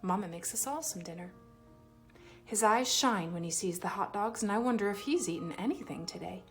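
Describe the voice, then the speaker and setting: Woman reading a kids book out loud, lots of feeling, soft music behind. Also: medium pitch, brisk. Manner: expressive, voices the child's feelings with lively shifts. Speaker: storybook reader. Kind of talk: children's read-aloud narration.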